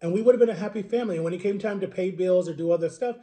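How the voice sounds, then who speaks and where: This is a man in his thirties, sharing his personal history on a vlog. His voice sits somewhat high but sounds soft and mellow. He talks in a rambling, earnest, emotional way, and keeps checking in with a quick "right?". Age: 30s. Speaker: vlogger. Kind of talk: personal storytelling to camera.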